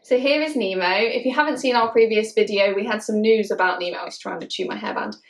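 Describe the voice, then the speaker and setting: A woman from the UK who owns dogs, chatting casually to camera, laughing often and slowing down to stress her points. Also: medium pitch. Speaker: dog owner vlogger. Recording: echoey room.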